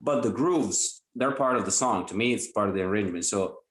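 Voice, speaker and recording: A man's voice: fairly low pitch, brisk, a bit bright, roomy sound, low-quality recording. A male guitarist guest chatting casually and enthusiastically in an interview, rambling with lots of fillers.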